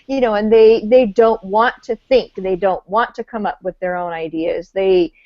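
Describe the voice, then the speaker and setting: A woman with a mid-pitched voice talks earnestly and rambles through her points with fillers and restarts. The recording is dry and close, with the dull, narrow sound of a video call. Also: fairly even intonation, normal speed, no room sound. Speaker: elementary teacher and discussion host. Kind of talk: casual video call discussion.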